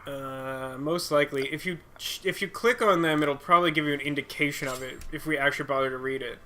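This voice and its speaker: Man, let's-play co-host, rambling self-mocking banter; fairly high, very bright voice. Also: fairly even intonation, quick pace, a little hiss or hum. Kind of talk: casual gameplay commentary.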